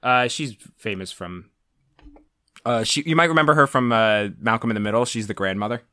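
A man on a podcast, cracking deadpan jokes and quoting others in animated put-on voices. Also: mid-range voice, a little fast, no echo, studio quality. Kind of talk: casual comedic banter.

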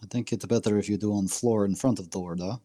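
A man's voice: on the low side, steady tone, fast, warm tone, soft background music. A man playing a tabletop game, often speaking his character's lines in clipped, broken English.

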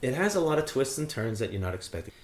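A man's voice: mid-range voice, very animated, fast. A man co-hosting a podcast, talking casually and at length about a film, rambling and swearing freely. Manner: rambling, profane, opinionated. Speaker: podcast co-host reviewing a film.

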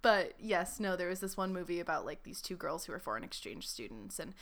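A young woman with a slightly low voice talks loosely on a casual podcast. She drifts between thoughts and fills her sentences with "like". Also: lively intonation, a bit bright. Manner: chatty, quick asides, frequent "like". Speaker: podcast co-host. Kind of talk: casual chat.

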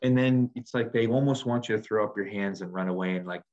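Jokey, low-voiced American man. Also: fast talker, dull audio. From United States. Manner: animated, jokey, digressive. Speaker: podcast co-host. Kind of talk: casual chat.

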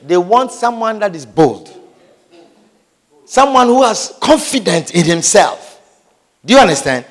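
A man gives a lively, humorous sermon, acting out little scenes, repeating phrases, and often asking if his listeners understand. His high voice moves at a measured pace with frequent pauses, and the recording carries a long hall reverb.

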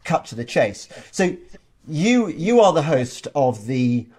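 A man's voice: fairly high pitch, big pitch swings, slow, a little mellow. A man hosting a podcast interview in a casual, chatty way, often repeating words as he restarts his sentences. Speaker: podcast host.

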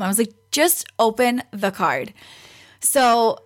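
A woman's voice: a little high, slow pace. A pregnant young woman telling a story in casual chat, acting out what others said and laughing often. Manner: chatty, acts out quoted voices, laughs often. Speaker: guest.

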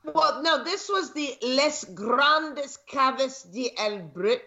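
A woman co-hosting a casual podcast, talking in a halting, playful way. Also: sits high, expressive, highs cut off, over a noisy crowd. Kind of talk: casual group chat.

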